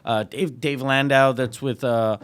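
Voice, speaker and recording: A man's voice: medium pitch, steady tone, a little slow, clean tone. A man co-hosting a comedy podcast, dropping dry, crude one-liners and reading out plugs for the show. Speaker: podcast co-host. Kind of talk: casual comedic chat.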